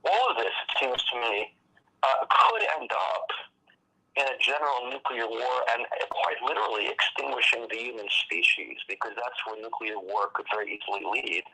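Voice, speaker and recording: Gravelly male radio guest on a phone line, measured and worried. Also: medium pitch, bright, forceful tone. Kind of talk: talk radio discussion.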